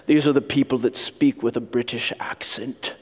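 A middle-aged man preaching a sermon as a pastor, animated, acting out little voices and scenes. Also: mid-range voice, normal speed, long reverb tail.

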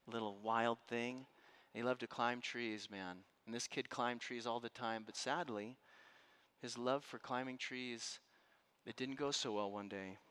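A man preaching a sermon to a room and listeners at home, telling a story with passion and dropping from loud to hushed. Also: medium pitch, clean tone. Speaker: pastor. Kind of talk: sermon to a live congregation. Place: room with an audience.

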